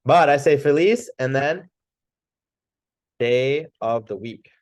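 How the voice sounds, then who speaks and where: A man with a mid-range voice leads a relaxed training session. He talks in a loose, chatty way, restarting his sentences and laughing easily. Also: mid-range voice, slow. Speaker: chiropractic trainer. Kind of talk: casual training talk.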